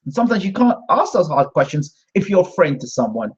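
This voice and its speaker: A British man hosts his own channel, ranting to camera in an indignant, combative way and repeating himself. His voice sits on the high side, very animated and slightly rough, at a quick pace, captured with dull lo-fi sound.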